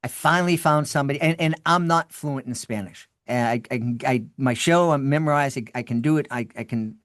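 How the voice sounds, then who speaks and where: Animated storytelling man, dry close sound. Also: medium pitch, a little fast, no echo. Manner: animated, restarts and repeats words. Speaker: podcast guest, children's podcast creator. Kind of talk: storytelling in an interview.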